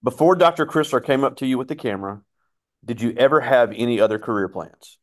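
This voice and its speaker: A man's voice: mid-range voice, fast. A man hosting a school career talk, asking questions in a friendly and rambling way. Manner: friendly, rambling, repeats himself. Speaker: school interviewer and host.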